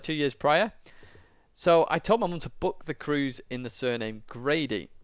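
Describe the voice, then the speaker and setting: A man's voice: on the high side, fairly bright tone, dry recording, studio quality. A young man, a YouTuber, telling a long personal story to camera in a rambling, casual way. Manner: rambling, lots of fillers, tearing up at moments.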